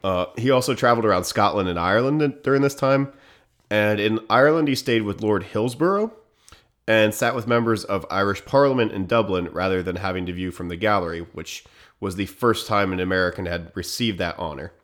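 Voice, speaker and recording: A man's voice: lowish voice, brisk, fairly bright tone. A man co-hosting a casual history podcast, reading out facts and then joking around. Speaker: podcast co-host.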